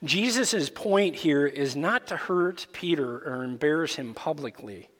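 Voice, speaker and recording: A man preaching a sermon as pastor, explaining scripture in a deliberate, emphatic way. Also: a little high, lively intonation, a bit bright. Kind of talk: expository sermon. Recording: long reverb in a large hall.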